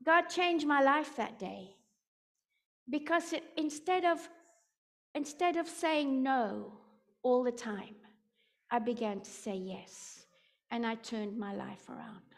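A woman preaching a sermon, telling a personal story with dramatic build-ups that rise to shouting. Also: high voice, slow, gravelly, long pauses.

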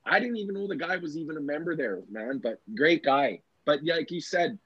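A man hosting a casual chat, telling stories in an animated, profane, excitable way. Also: a little high, fairly quick, breathy edge, no echo. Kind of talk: casual storytelling. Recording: dull, dry lo-fi audio.

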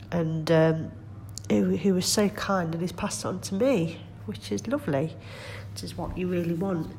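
A woman in middle age rambles cheerfully through a home vlog from her kitchen. Her voice sits low and sounds stuffed up from a cold. Faint home ambience hums in the background. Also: slight background noise. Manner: chatty, rambling, self-deprecating. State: congested with a cold. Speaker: vlogger. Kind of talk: casual chat.

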